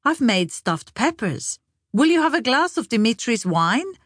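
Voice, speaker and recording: Brief: woman reading as an anxious, eager-to-please woman in her sixties, voice lifted higher. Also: sing-song, measured pace, no room sound, studio quality. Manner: fretful, higher-pitched. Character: fussy, anxious sixty-five-year-old daughter-in-law.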